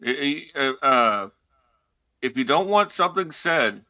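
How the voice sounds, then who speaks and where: Slow, bright-voiced man on a wrestling podcast. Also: medium pitch, expressive. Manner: laid-back, hesitant with many fillers, laughs easily. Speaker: podcast co-host. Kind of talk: casual wrestling chat.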